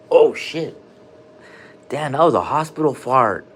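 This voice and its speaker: A man's voice: medium pitch, lively intonation, takes it slowly, a bit bright. A man rambling loosely on a live stream from a hospital room, cursing and dropping slang as he jumps between topics.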